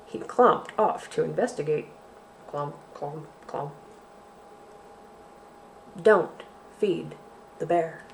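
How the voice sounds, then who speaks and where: Slow, sing-song storytime woman. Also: medium pitch, slight background noise. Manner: slow, sing-song and expressive, addressing young children. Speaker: library storytime host. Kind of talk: children's storytime, reading a picture book aloud.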